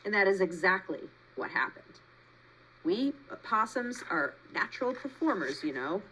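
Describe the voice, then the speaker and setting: A woman's voice: a little slow, slight background noise, rough recording. A woman voicing a chatty, dramatic female possum who loves to perform, in a storybook read-aloud. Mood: theatrical. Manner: gushing, showy, high and lively.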